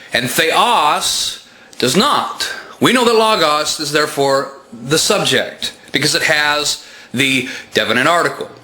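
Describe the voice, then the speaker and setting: A man gives a methodical Bible lesson, working patiently through grammar and posing questions to his listeners. His voice sits a little high and sounds bright and forceful. The recording carries a clear echo from the room. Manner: methodical, patient, explains step by step with rhetorical questions. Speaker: Bible teacher. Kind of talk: explanatory lecture.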